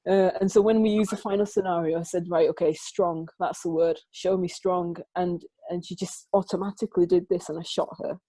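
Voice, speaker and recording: A woman, a photographer presenting her work in an interview, telling lively stories and acting out what people said to her. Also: lowish voice, fairly quick, few pauses, dry recording. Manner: lively storytelling, acts out quoted dialogue; frequent fillers and restarts. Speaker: photographer guest.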